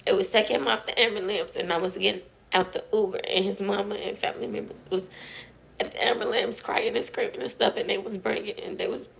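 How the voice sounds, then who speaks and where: Young woman, mid-pitched, gritty fry throughout; emotional, halting casual storyteller. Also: fairly even intonation. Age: young adult. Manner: emotional, halting, with many fillers and restarts. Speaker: TikTok storyteller. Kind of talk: casual personal storytelling to camera.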